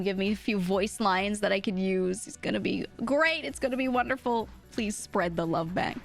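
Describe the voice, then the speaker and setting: A woman streamer in casual chat who talks in a gushing, excitable, giggly way. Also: mid-range voice.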